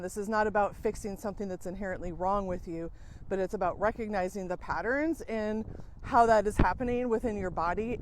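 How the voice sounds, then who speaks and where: A woman's voice: mid-range voice, slight background noise. A woman coach talking frankly to her viewers, swearing casually and using many fillers. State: out of breath. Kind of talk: casual monologue to camera.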